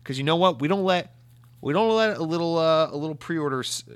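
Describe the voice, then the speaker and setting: Slightly high and a little fast, this man's voice comes through clean and dry. Hosting his show, he answers listener mail in a casual rant, animated, profane, and exasperated, with mocking voices thrown in.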